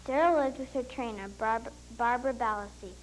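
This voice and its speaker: A woman's voice: on the high side, brisk, faint music behind, low-quality recording. Young girl reading her story. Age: child. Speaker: third grade student reading her story.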